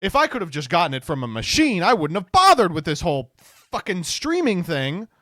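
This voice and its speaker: A man's voice: sits high, huge pitch swings, fairly quick, sharp tone, no room sound, clean studio sound. A man streaming and reacting to posts in casual commentary, sardonic and swearing freely.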